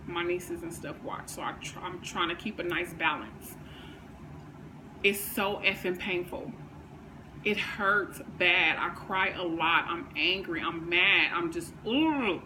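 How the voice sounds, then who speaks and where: A woman, talking candidly on her vlog, emotional and faith-filled, swinging from hushed to fired up. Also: on the low side, slow, slight background noise, poor audio. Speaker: vlogger. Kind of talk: candid personal vlog talk.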